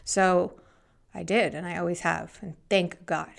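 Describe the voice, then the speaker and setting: A middle-aged woman, an interview guest, telling her story with animated, acted-out quotes. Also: on the low side, unhurried, creaky. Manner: animated, acts out quoted voices.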